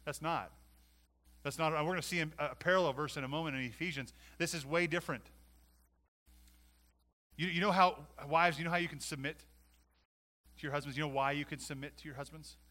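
A man preaching a sermon as pastor, emphatic, with rhetorical questions and swings in loudness. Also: medium pitch.

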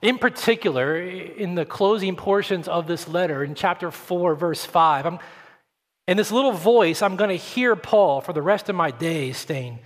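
A man's voice: a little high, fairly quick. A man preaching a sermon as pastor, earnest, often repeating words as he starts a sentence. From Atlanta, Georgia, US. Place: church sanctuary. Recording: long church-hall reverb.

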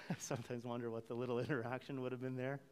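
A man's voice: medium pitch, little pitch movement, fast. A man preaching a sermon, acting out the quoted lines and chuckling now and then. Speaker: pastor. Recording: long hall reverb.

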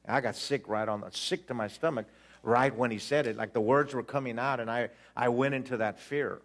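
A man in his sixties preaching a storytelling sermon, animated and acting out the dialogue while joking with the congregation. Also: mid-range voice, a little fast.

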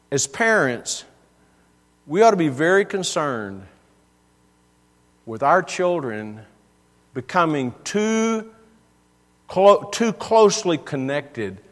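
A man's voice: a little high, big pitch swings, slow pace, pauses often, long reverb tail. A man preaching a sermon in a church, earnest and given to repeating words for emphasis.

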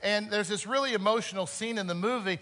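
A man preaching a sermon earnestly, swinging between loud emphasis and soft, quiet moments. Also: high-pitched, fast talker. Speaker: pastor.

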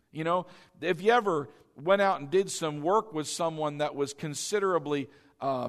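High-voiced preacher man in a reverberant hall. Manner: exhorting, repeats key lines, asks the congregation questions. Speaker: pastor. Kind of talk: sermon. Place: church sanctuary.

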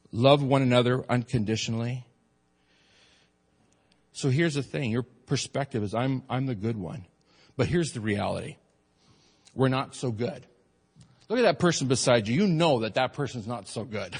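In a church sanctuary with the long reverb of a large hall, a pastor preaches a sermon in a mid-range voice with a breathy edge. He talks conversationally to his congregation, builds to emphatic peaks, and tosses in joking asides.

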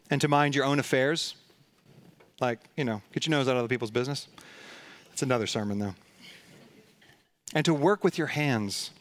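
A man's voice: mid-range voice, dry recording. A man preaching a sermon, retelling a scripture story and acting out the lines of its characters. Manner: storytelling preacher, acts out quoted dialogue. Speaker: pastor.

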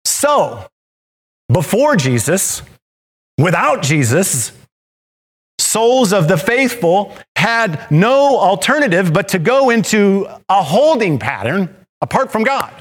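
A male pastor preaching a sermon, animated and playful, with self-deprecating asides. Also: high voice.

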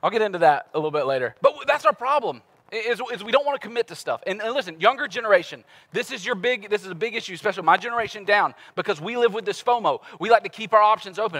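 A man in his thirties preaching a conversational sermon as a pastor, animated and acting out everyday voices. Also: high voice, quick pace, hardly any pauses. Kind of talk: casual sermon.

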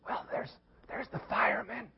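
A man's voice: normal speed, dull audio, natural voice. A man doing a whispering four-year-old boy. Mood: hushed. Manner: whispering softly.

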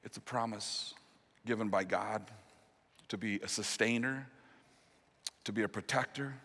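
Bright-voiced male pastor preaching in a hall. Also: a little slow, breathy edge. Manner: earnest preaching, drops to a hushed low voice on key promises. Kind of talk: sermon. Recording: long reverb of a large hall.

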